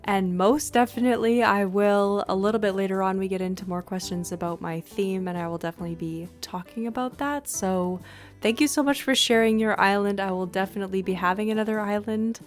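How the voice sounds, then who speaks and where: A woman giving casual, gushing commentary on a video game, often clearing her throat and sniffing. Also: mid-range voice, a little fast, soft background music. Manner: gushing, excitable, frequent exclamations. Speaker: gaming video host.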